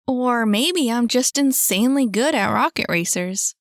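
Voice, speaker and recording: A cocky young woman gamer, all teasing and brag, as a woman reader puts her on. Her voice sits higher and louder than the narration, and the delivery is dry and close. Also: lively intonation, a little slow, no echo. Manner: boastful, teasing, loud.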